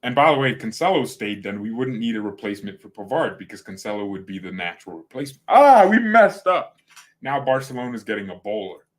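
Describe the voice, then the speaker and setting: A man's voice: fairly low pitch, fast talker, hardly any pauses, a bit bright. A man hosting a fan channel in casual livestream chat, rambling, correcting himself and joking. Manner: rambling, self-correcting, jokey.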